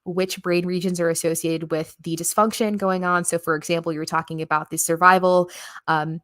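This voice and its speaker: A woman's voice: lowish voice, little pitch movement, fairly quick, a bit bright, no room sound, studio quality. A woman hosting a livestream, talking in a casual, earnest way with many fillers as she answers viewers. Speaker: livestream host.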